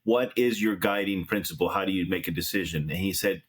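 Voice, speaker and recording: An easygoing man hosts a finance chat show, speaking in a lowish voice. He tells stories at a relaxed pace and often agrees with his guest. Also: fairly quick, hardly any pauses, husky. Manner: easygoing, storytelling, affirming. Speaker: show host. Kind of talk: casual chat.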